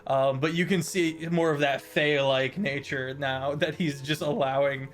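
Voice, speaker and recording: A man's voice: medium pitch, steady tone, measured pace. A man narrating a tabletop game as game master, describing scenes with many fillers.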